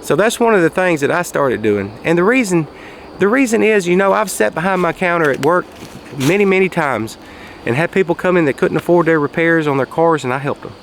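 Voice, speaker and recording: Man, folksy casual storyteller, gravelly, outdoors with faint street noise. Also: a little high, animated, a little fast. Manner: folksy, raises his voice for quoted shouts. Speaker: vlogger telling a story. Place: outdoors, quiet spot near traffic.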